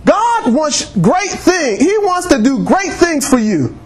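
A man's voice: very high-pitched, very animated, slow pace. A man preaching a sermon in church, reading scripture and calling on the congregation for amens, laughing often.

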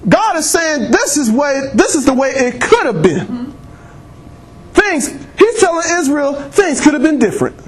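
A man's voice: extremely high pitch, very animated, a little slow. A man preaching a sermon in church, reading scripture and calling on the congregation for amens, laughing often.

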